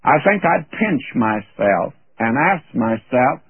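A man's voice: mid-range voice, sing-song, takes it slowly, husky, no echo. A man preaching a radio Bible teaching sermon, folksy, anecdotal and emphatic. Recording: tinny lo-fi radio broadcast.

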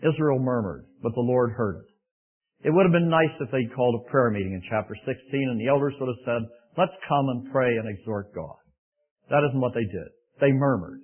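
A man preaching a sermon, animated and raising his voice for emphasis, with folksy asides. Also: medium pitch, fairly quick, slightly rough, narrow, tinny audio.

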